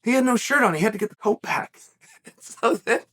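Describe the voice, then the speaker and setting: A middle-aged man from the western United States, hosting an animated solo commentary and telling the story with emphatic, shouted bursts. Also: very high-pitched, a little fast. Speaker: host.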